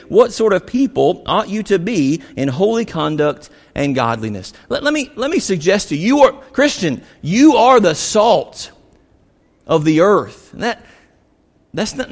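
High-voiced animated male preacher. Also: normal speed, in a large hall. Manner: animated, acts out voices of biblical figures. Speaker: pastor. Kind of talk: sermon.

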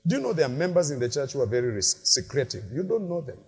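Male pastor, high animated delivery, long church-hall reverb. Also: fast, breathy edge. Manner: animated, shouting peaks, playful asides to congregation. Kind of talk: lively sermon.

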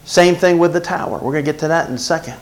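A man's voice: on the high side, rapid-fire, rough recording. A man, preaching a sermon and often checking in with his congregation. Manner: preaching with call-and-response asides to the congregation. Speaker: pastor.

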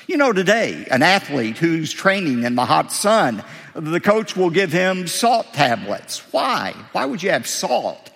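A man's voice: fairly high pitch, very animated, unhurried, vocal fry, a bit bright. A man preaching a sermon as pastor from a podium in a church sanctuary, driving points home with emphatic rhetorical questions. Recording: long hall reverb.

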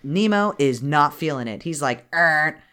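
A woman's voice: deep voice, unhurried, smooth. A woman co-hosting a podcast, casually retelling a movie plot with laughs and swearing. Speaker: podcast co-host. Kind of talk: casual chat recapping a movie.

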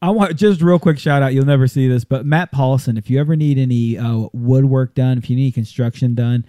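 A man hosts a loose, joking chat, his voice mellow and dark. He plugs things with eager enthusiasm. The sound is dry and close. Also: mid-range voice, fairly quick, no echo. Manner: jokey, enthusiastic promoter. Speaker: podcast host. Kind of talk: casual chat.

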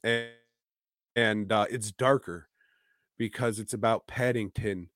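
Low slow dude on a podcast, cussing and rambling about movies, dry close sound. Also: male voice, steady tone, fairly bright tone, dry recording. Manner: profane, rambling, chuckling. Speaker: podcast co-host. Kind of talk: casual movie chat.

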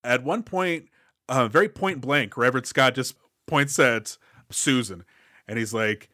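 A man co-hosting a casual movie podcast, opinionated and sarcastic, tossing in quick impressions. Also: medium pitch, animated, sharp tone, no room sound, studio quality. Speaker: podcast co-host. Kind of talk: casual movie review banter.

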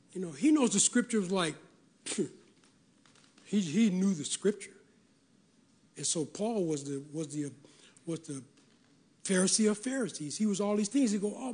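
A man's voice: high-pitched, a little mellow, breathy edge. A male pastor preaching a folksy, emphatic sermon to his congregation, slipping into quoted voices.

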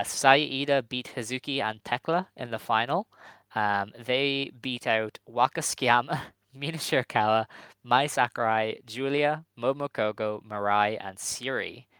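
A man co-hosting a podcast in casual chat, giggling and animated as he talks. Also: mid-range voice, unhurried, clean tone, no echo, low-quality recording. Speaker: podcast co-host.

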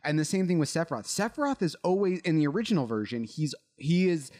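A man in a casual podcast chat, talking in a relaxed, thoughtful way with plenty of fillers. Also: a little high, fast.

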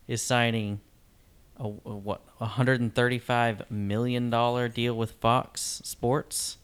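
A man's voice: mid-range voice, level tone, slow pace, clear, resonant tone. A man co-hosting a podcast, chatting casually and mostly adding short, easygoing replies. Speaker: podcast co-host. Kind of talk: casual chat.

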